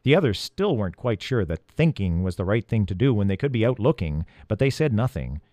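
A man reading a chapter of a children's storybook aloud, expressive and gently paced. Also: fairly low pitch, brisk, dry recording, studio quality. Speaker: audiobook reader.

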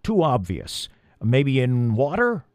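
Man doing a wise old rumbling duck. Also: huge pitch swings, no room sound, clean studio sound. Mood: thoughtful. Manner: slow, rumbling.

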